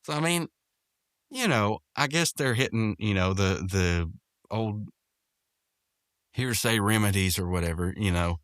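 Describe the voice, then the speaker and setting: A man's voice: fairly low pitch, measured pace, pauses often, a bit bright, no room sound, studio quality. A man hosting a podcast, casually recapping a cartoon episode, rambling with lots of fillers and restarts. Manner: rambling, full of fillers and restarts, quotes characters in raised voices.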